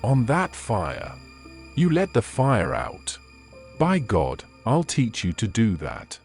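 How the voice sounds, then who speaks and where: A man voicing a sullen, furious drunken father who barks at his son in gruff, bullying shouts. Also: medium pitch, huge pitch swings, takes it slowly, soft background music, exaggerated voice. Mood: angry.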